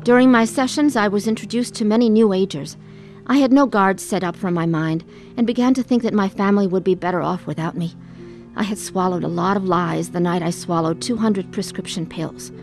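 A woman's voice: mid-range voice, brisk, darkish tone, soft background music, close to an everyday voice. An actress playing a middle-aged wife who narrates her own story in a radio drama, earnest and heavy with pain. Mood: reflective. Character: weary wife recalling her troubled past. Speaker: narrator and lead character.

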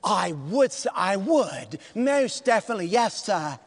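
An earnest, pleading young man in his twenties, put on by a preacher. His voice sits lower and quieter than the storyteller's own, but it still carries a fairly high tone for a man. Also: very animated, a little slow, long reverb tail, full character voice.

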